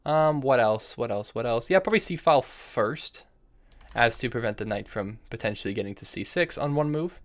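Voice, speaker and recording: Young man, chess streamer, thinks aloud, repeats phrases, chats with viewers, desk mic, mid-pitched voice. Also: expressive, moderate pace. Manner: thinks aloud, repeats phrases, answers chat between moves. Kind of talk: live-stream commentary while playing chess.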